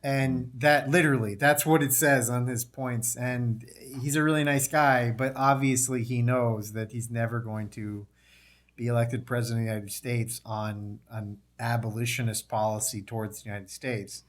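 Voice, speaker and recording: Relaxed man musing on a panel. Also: mid-range voice, normal speed. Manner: relaxed, thinking aloud with fillers. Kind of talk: casual panel chat.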